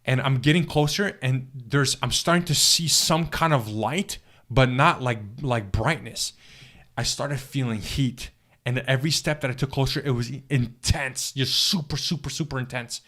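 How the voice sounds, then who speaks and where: An earnest man tells his story in an interview, pausing, repeating himself and starting over. His voice sits at an ordinary middle pitch. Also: a bit bright. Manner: earnest, halting storytelling with many restarts and fillers. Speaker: guest telling his testimony. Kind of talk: personal spiritual testimony in an interview.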